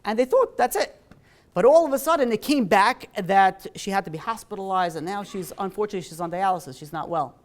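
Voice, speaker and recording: A man, a rabbi, telling a story in a sermon in a casual, animated way, full of "you know" and "like". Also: sits high, fairly quick.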